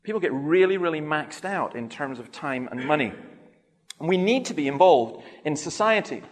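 A middle-aged man preaching a sermon as an animated storyteller who acts out the voices he quotes. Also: a little high, moderate pace. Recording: long hall reverb.

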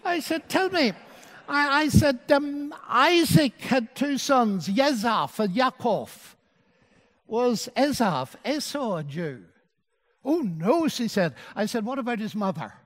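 Male preacher, high voice, story-driven sermon with quoted dialogue. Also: sing-song, takes it slowly, big-room sound. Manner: storytelling, quoting dialogue with softened voice.

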